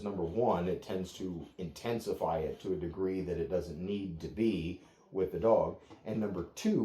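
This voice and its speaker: A man with a deep, warm voice talks dog owners through their dog's behavior. His delivery is calm, steady and plain-spoken. The room around him echoes. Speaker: dog trainer. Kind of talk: explaining to clients.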